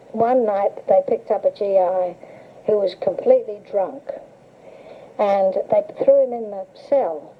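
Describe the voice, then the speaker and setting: A woman's voice: mid-range voice, a little hiss or hum. Older woman on tinny cassette tape. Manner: chatty storyteller, laughs often. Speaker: interviewee recalling memories. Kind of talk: casual reminiscing.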